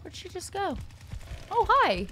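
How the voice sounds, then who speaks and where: A woman giving playful, excitable gameplay commentary, swearing freely and shrieking at the game. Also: extremely high pitch, measured pace, a little hiss or hum. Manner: playful sing-song greetings to other players. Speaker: gaming video creator.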